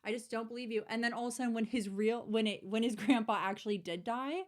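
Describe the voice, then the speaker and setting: A woman's voice: fairly high pitch, fast talker. Candid chatty young woman. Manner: chatty, candid storytelling full of "like" and swearing. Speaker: podcast guest. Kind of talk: casual chat.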